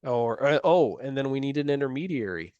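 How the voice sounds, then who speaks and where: A man's voice: mid-range voice, animated, fairly quick, darkish tone, smooth, no room sound, highs cut off. A man leading a group religious study discussion, talking earnestly and carefully, often correcting his own wording.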